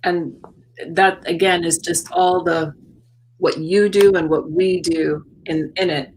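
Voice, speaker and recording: A woman who is an artist and educator, talking as an interview guest in a reflective, searching way with many pauses and repeats. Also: fairly low pitch, fairly even intonation, a little mellow, poor audio. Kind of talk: casual interview talk. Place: South Florida.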